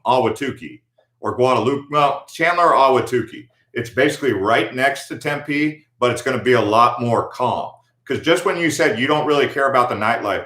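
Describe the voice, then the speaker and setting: A man's voice: medium pitch, fairly bright tone. An American man hosting a livestream, chatting casually and in a laid-back, slangy way while answering viewer comments. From United States. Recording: echoey room.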